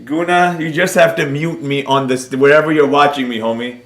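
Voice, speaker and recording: A man's voice: on the high side, fairly even intonation, normal speed, echoey room. A man hosting a casual trading livestream Q&A, joking and calling out viewers in the chat by name.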